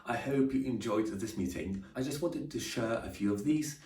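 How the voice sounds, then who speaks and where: A man teaching everyday slang, speaking clearly and modelling phrases for learners to repeat. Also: mid-range voice, moderate pace, darkish tone, roomy sound, recorded from a distance. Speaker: English teacher. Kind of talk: English lesson explaining slang.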